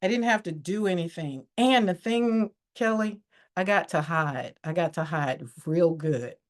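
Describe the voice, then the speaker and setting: A woman's voice: lowish voice, unhurried. A woman as a podcast guest, telling her personal story in a candid, reflective way, livening up when she quotes others.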